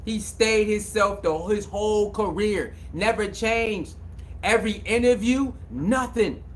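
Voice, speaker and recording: A man's voice: high voice, measured pace, a little hiss or hum. A man giving a casual, emphatic sports commentary monologue, repeating phrases for emphasis and using slang. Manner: emphatic, repetitive, preachy, slangy.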